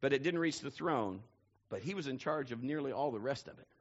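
A male pastor preaching a sermon, telling stories with lively energy and building to shouts. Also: medium pitch, a little fast, lo-fi sound. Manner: animated storytelling, building to shouts.

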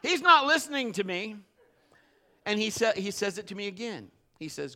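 A man preaching and telling a personal story, animated, swinging from shouts to hushed storytelling. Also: high voice, normal speed, pauses often. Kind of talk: sermon with personal testimony.

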